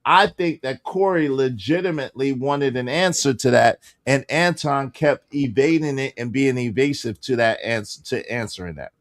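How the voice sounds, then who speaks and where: A man's voice: mid-range voice, moderate pace, hardly any pauses. A man hosting a casual livestream panel, arguing his points insistently and repeating them for emphasis. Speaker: livestream host.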